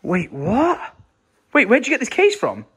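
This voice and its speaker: A man's voice: very high voice, measured pace, breathy edge, dry recording. A man, hosting a casual vlog from a car and joking around with his passengers. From England. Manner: joking and teasing, lively. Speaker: vlogger and host. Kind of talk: casual chat. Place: inside a car in traffic.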